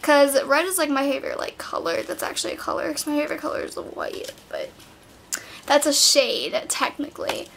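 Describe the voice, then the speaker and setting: Late-teens girl, high-pitched, bubbly and chatty, home recording on a camera mic. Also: very animated, a little fast, vocal fry, fairly bright tone, a little hiss or hum. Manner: bubbly, chatty, filler-heavy talk with many "like"s. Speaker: vlogger. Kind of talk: clothing haul vlog. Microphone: built-in camera mic.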